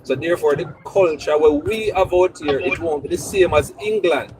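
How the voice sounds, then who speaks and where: Jamaican male host, measured and persuasive, slightly higher voice, faint background noise. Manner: calm, reasoning, repeats himself to hold the floor. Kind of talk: casual debate.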